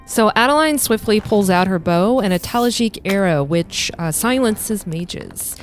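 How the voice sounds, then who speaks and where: A woman's voice: medium pitch, expressive, unhurried, faint music behind. A woman playing a tabletop game, explaining her character's moves. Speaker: player.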